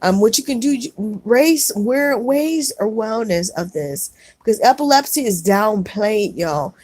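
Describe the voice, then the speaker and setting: A woman's voice: on the high side, lively intonation, a little slow, darkish tone. A middle-aged woman hosting a casual livestream, reading viewer comments aloud and answering with earnest comfort, often saying "y'all.".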